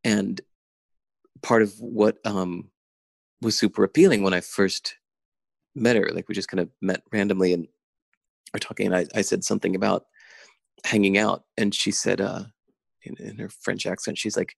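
Gravelly low-voiced man, animated talk. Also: moderate pace, long pauses, no echo. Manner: intense, animated, lots of "like" fillers. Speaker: guest. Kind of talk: casual conversation. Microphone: remote call.

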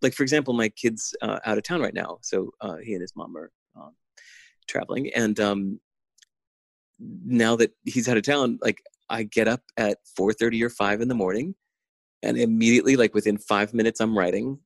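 A middle-aged man with a low, gravelly voice speaks in a casual interview. He talks intensely and in an animated way, full of "like" and restarts. The sound is dry and close. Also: moderate pace, dry recording. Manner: intense, animated, lots of "like" fillers. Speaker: guest. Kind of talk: casual conversation. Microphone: remote call.

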